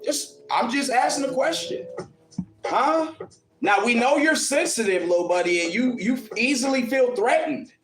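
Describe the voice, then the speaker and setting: Hosting a livestream from Ohio, a man with an extremely high, expressive, fairly bright voice answers commenters at a moderate pace. He taunts and mocks one critic in a combative rant, laughing at him. The room is echoey, with faint music behind.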